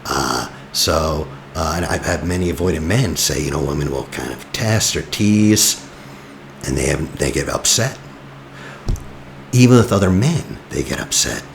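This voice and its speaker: A man with an extremely low, gravelly voice gives relationship advice in a loose, conversational way. He is blunt and a little teasing, peppering his points with "you know". A faint hiss sits under the voice. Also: animated, normal speed. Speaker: attachment coach. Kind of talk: casual advice talk.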